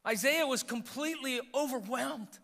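A man preaching a sermon as pastor, swinging between hushed asides and emphatic, animated lines, in a church sanctuary. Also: very high-pitched, moderate pace, gravelly, in a large hall.

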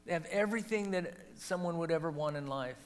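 A man who is a pastor, teaching a Bible study and telling lively stories with a laugh. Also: on the high side, fast talker. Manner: animated storytelling, laughs at his own anecdotes. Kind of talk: teaching and discussion.

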